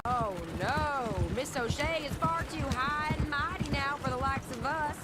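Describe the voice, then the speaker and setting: A catty outlaw gal. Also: female voice, high-pitched, measured pace. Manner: playful, catty remarks. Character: mischievous young outlaw woman, sharp-tongued. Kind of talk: video game dialogue. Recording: game audio under loud hoofbeat noise. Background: horse hooves.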